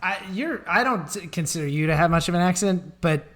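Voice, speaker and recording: A man's voice: sits high, animated, brisk, a bit bright. A man co-hosting a podcast, chatting casually in a wry way and laughing often. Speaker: podcast co-host. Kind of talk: casual chat.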